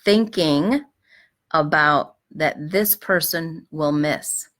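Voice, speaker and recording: A middle-aged woman hosting a live advice show, speaking gently and reflectively, with frequent fillers and restarts, clearing her throat now and then. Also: deep voice, slow pace. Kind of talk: live-streamed advice talk.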